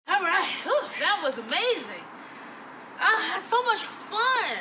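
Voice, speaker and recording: Very high-voiced playful woman comedian. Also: sing-song, takes it slowly, sharp tone. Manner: gushing, playful. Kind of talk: comedy special banter. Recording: noisy background.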